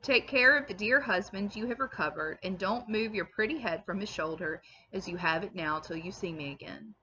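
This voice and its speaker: A woman's voice: medium pitch, normal speed, highs cut off, slight background noise, lightly acted. A woman reading aloud and voicing an outspoken, fussy older Englishwoman, a loyal servant who speaks emphatically and scolds freely. She sounds like a teacher reading a classic novel to a class. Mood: emphatic. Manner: emphatic and loud, scolding and opinionated.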